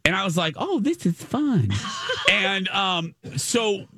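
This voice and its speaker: A woman's voice: mid-range voice, takes it slowly, very noisy. A woman in her forties, co-hosting a podcast, telling a story in casual chat with lots of laughter. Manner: animated storytelling, laughing often. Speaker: podcast co-host.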